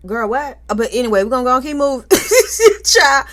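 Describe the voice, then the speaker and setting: A woman's voice: sits high, fast, pushed and bright. A woman hosting a casual reality TV recap, sassy and outspoken, with frequent asides. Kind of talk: casual episode recap commentary.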